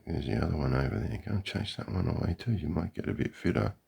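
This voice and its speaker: A man's voice: rumbling low, lively intonation, fast talker, gravelly, a little mellow, breathy edge. An Australian man giving a sarcastic, profane running commentary outdoors beside a golf green. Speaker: vlogger.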